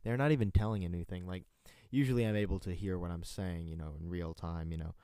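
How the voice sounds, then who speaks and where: A man's voice: low voice, fairly even intonation, quick pace, warm tone, smooth, no echo. A young man from North Carolina hosting his own amateur radio show, rambling and self-mocking with many fillers and restarts. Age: late teens. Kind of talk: rambling solo radio talk. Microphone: headphones and desk mic.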